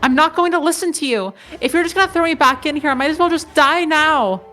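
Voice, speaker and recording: A scared teenage girl, cornered and begging, her voice pitched a little high, as a woman reads her lines. She sounds desperate rather than calm. Faint music sits behind her. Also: fast talker. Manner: pleading, desperate. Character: frightened teenage girl trapped in a puzzle room. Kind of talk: dramatic reading of a visual novel.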